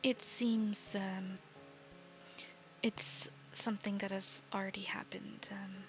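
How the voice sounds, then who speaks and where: A woman voicing a gentle, worried female warlock patron in a whispered role-play, hushed and halting. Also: mid-range voice, little pitch movement, muffled recording, faint music behind. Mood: troubled. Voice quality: hushed, soft-spoken with halting pauses.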